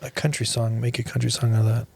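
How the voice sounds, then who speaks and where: A man's voice: medium pitch, monotone, fast, creaky, darkish tone, slightly rough, no room sound. A man hosting a podcast in casual, joking, teasing banter with his co-host.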